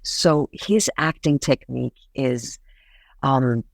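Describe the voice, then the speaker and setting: A man speaking as a guest in a casual interview, halting, with many restarts and fillers. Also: medium pitch, gravelly, dry recording.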